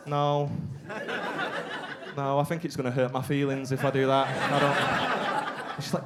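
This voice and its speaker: Male comic, young, slightly high voice, live theatre set with audible background noise. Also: slow, long pauses. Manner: animated storytelling, acting out both sides of conversations. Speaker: stand-up comedian. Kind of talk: stand-up comedy set. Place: theatre stage with live audience.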